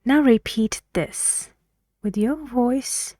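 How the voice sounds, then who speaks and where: A woman teaching English pronunciation, speaking slowly and carefully and swinging her pitch up and down to model intonation. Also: mellow, no room sound, studio quality. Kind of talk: pronunciation lesson.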